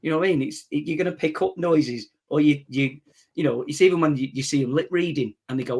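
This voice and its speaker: A man co-hosting a casual football podcast, blunt and animated, laughing often. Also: fairly high pitch, brisk. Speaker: podcast co-host.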